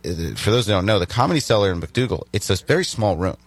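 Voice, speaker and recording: Low-voiced young comedian, chatty and animated. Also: male voice, fast, no echo. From Virginia. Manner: animated storytelling with many restarts. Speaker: stand-up comedian guest. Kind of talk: casual chat.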